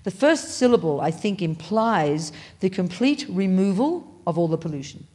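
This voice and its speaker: Woman teaching buddhism to a class, lowish voice, punchy and blunt, jumps up on key words. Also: animated, normal speed, a little mellow. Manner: emphatic, blunt and playful; pitch leaps up on stressed words. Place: meditation center classroom.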